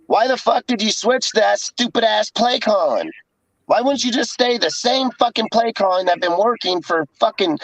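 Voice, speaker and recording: A man's voice: high voice, a bit bright, no room sound. A man ranting profanely and in exasperation about a football game in casual sports talk. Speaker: podcast co-host. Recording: dull dry lo-fi sound.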